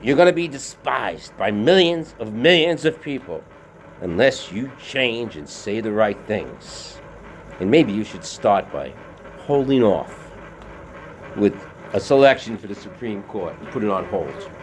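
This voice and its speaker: A man's voice: on the low side, expressive, unhurried, a little hiss or hum, pitched below the performer's own voice. A man doing a stern old woman spirit. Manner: lecturing, warning. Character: stern older woman spirit giving a warning. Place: home garage.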